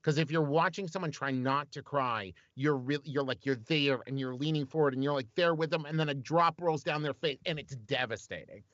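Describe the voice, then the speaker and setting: A man's voice: on the high side, a little fast, hardly any pauses, a bit bright, no room sound, muffled recording. A man speaking as a guest in a casual conversation, talking in an eager, emphatic way.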